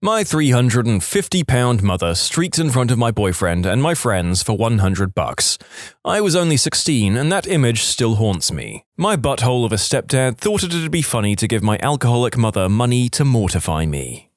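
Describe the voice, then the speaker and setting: A male podcast narrator reads internet stories aloud with expressive storytelling flair, his pitch rising and falling widely. He talks at a normal speed, and the recording is dry and close with no room sound.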